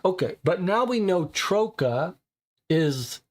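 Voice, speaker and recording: A man's voice: sits high, big pitch swings, slow. A man playing a detective board game, reading cards and reasoning through clues aloud.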